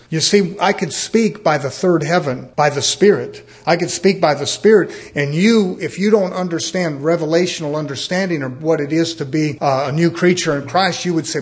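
A man's voice: on the high side, normal speed. A man in his fifties preaching a sermon, asking rhetorical questions and calling for amens. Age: 50s. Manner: animated preaching, rhetorical questions, calls of amen.

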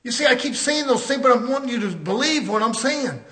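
High-voiced, bright preaching man. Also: expressive, fairly quick. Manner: preaching, rising to shouts and dropping low. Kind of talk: fiery sermon.

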